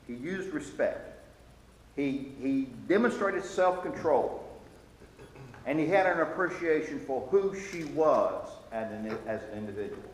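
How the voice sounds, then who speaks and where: A man leads a Sunday school lesson, talking earnestly and sometimes stumbling over his words before he presses his point. His voice sits at an ordinary pitch for a man. It rings through a big reverberant church hall with a faint hiss underneath. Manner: earnest, halting with restarts, grows emphatic when quoting.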